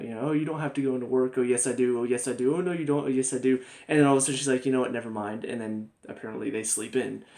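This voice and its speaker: A man's voice: mid-range voice, darkish tone. A young man giving a casual, rambling spoken review of a TV episode, full of fillers and restarts. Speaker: TV review vlogger.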